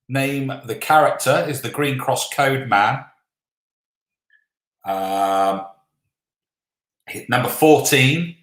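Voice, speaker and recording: A man's voice: medium pitch, a bit bright. A man hosting a live online pub-style quiz, reading out answers and joking with players in a casual, cheeky way. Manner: jokey, swears then apologises, reads answers slowly. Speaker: quiz host. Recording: echoey room.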